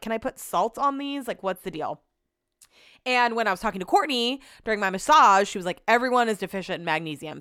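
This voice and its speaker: A chatty young woman talking straight to her listeners in a loose, ranting way, swearing now and then. Her voice is smooth and clear, recorded close and dry with no room sound. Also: mid-range voice, fairly bright tone, dry recording. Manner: chatty, exasperated, swears casually. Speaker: podcast host. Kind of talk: casual solo chat.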